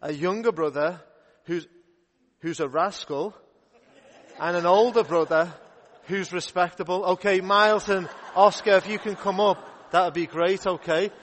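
A young man working as a youth minister, telling a Bible story to children in a playful, upbeat way. His voice sits fairly high for a man. The church hall around him adds a long, ringing reverb. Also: unhurried, a bit bright.

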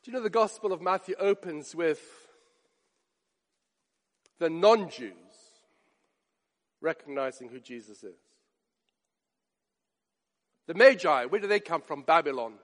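A man preaching a sermon, animated and often putting questions straight to his listeners. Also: a little high, a little slow, pauses often. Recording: long hall reverb.

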